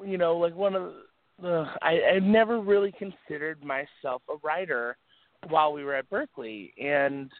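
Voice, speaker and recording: A young adult man, a singer, chatting as a guest in a casual interview, halting with many restarts. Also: mid-range voice, no echo. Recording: tinny phone-like line.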